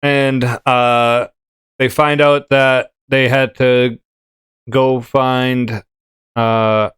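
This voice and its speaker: A man's voice: mid-range voice, little pitch movement, extremely slow, a bit bright, smooth, no room sound. A man hosting a casual tabletop gaming podcast, rambling with many fillers and restarts. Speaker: podcast host. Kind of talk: casual chat.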